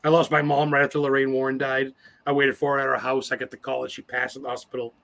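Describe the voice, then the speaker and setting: A man's voice: mid-range voice, flat delivery, fast talker, vocal fry, fairly bright tone. A man in his forties, a guest on an interview show, telling personal stories in a rambling, profane and emotional way. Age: 40s. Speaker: podcast guest. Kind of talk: casual interview storytelling.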